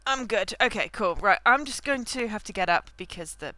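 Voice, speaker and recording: A woman's voice: medium pitch, animated, normal speed, bright, forceful tone, no room sound. A woman streaming a video game from home, chatting casually and making wry remarks at the screen through a desk mic. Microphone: desk mic, levels uneven.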